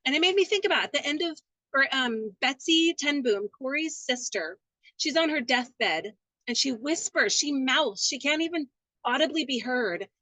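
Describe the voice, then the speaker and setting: A woman with a notably high voice tells a long, earnest story on a group call. She rambles from one thought to the next. She is calling in from her car, and her voice comes through its hands-free system with a dry, close sound. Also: animated, moderate pace, pushed and bright, no echo, low-quality recording. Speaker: team member sharing on a call. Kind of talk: casual testimony sharing. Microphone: call audio through car hands-free system.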